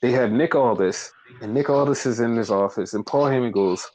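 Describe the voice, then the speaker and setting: A man casually recapping a wrestling show, talking in an animated, profane way. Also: fairly quick, few pauses, rough recording. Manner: animated, profane, acts out quotes in high voices. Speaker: podcast co-host.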